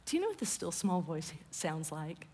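A woman's voice: on the low side, sing-song, normal speed, darkish tone, breathy edge, long reverb tail. A woman preaching a conversational sermon, often dropping her voice to a whisper for emphasis.

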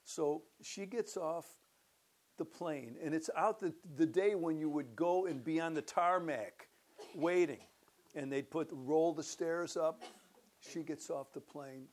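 An older man who is a pastor, speaking to his church in a relaxed, conversational way and warming into animated storytelling as he gives his testimony. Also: on the high side, a little slow. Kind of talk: church announcement and personal testimony.

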